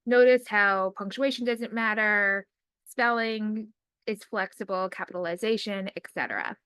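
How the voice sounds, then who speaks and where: A woman who works in special education, giving a casual screen-recorded demo lesson and reading her typed prompts aloud slowly. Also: medium pitch, steady tone, a bit bright, smooth, no room sound. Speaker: special education teacher trainer.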